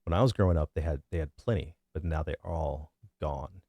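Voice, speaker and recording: A man in his thirties with a deep bass voice, giving his opinions in a casual, rambling monologue full of fillers and restarts. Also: fairly quick, warm tone, no echo. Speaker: vlogger.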